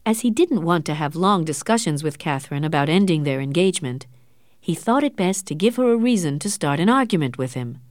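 Expressive woman reading a story. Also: sits low, brisk, dry recording, clean studio sound. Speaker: narrator. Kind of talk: scripted audiobook narration.

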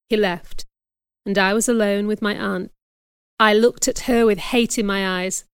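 A woman narrating an audiobook in a measured, first-person storytelling voice. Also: mid-range voice, steady tone, clean tone, no echo, studio quality. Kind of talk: audiobook reading.

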